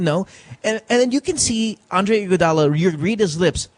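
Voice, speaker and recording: Animated, profane man host. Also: high-pitched, normal speed. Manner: profane, animated, acts out quotes. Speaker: podcast host. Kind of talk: casual chat.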